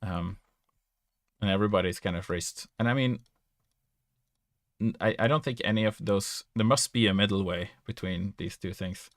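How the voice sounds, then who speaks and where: A man's voice: lowish voice, moderate pace, no echo, clean studio sound. A man from Norway with a Norwegian accent, a native Norwegian speaker, chatting casually in English, hesitant and self-correcting with frequent laughs. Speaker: podcast guest or player. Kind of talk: casual chat.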